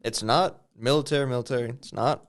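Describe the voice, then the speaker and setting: A man's voice: medium pitch, fairly quick. Laid-back male podcast co-host. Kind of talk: casual comedic chat.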